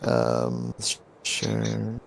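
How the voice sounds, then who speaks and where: A man's voice: on the low side, big pitch swings, drawn-out words, gravelly, a little hiss or hum. A man chatting casually before a tabletop game, rambling through stories with lots of likes and ums. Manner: rambling storyteller, many likes and ums, acts out quoted voices.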